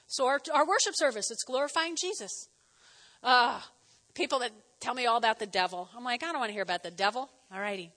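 High bright-voiced woman pastor preaching. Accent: New Jersey. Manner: lively, animated preaching with audience call-and-response. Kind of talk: sermon. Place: church hall. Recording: reverberant hall.

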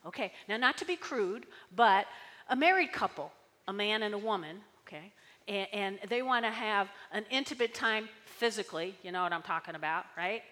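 Animated woman preacher in echoey hall. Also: medium pitch, moderate pace. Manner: animated, repeating key words, frequent "okay?". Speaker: pastor. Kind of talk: sermon with call-and-response.

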